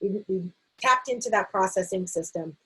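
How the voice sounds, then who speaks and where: A woman teaching a vocabulary lesson to camera, saying the word slowly and sounding out its syllables. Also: mid-range voice, bright, forceful tone, husky, low-quality recording. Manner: slow, stretched-out word repetition. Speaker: literacy teacher.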